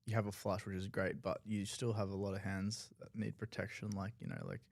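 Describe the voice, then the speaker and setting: Australian male analyst, lower voice, dry sound, thinks out loud over hands. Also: a little fast, gravelly, dry recording. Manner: analytical, loose with many fillers. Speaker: poker analyst. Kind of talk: live tournament commentary.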